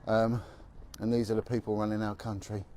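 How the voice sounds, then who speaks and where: A man's voice: lowish voice, level tone, a little fast, mellow, a little hiss or hum. Blunt ex-cop man talking while walking. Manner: blunt, emphatic storytelling. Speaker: former police officer. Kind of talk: walking vlog monologue. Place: outdoors on a city street.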